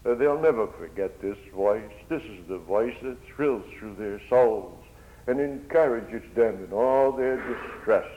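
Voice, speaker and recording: Slow male preacher. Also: lowish voice, slight background noise. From Netherlands. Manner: impassioned, swells and drops in volume. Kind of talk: sermon. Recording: dull lo-fi recording.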